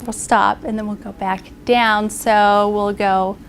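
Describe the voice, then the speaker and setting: A woman with a steady, medium-pitched voice takes her time as she models a lesson for fellow teachers. She uses hand signals to guide a group through counting aloud in a training room.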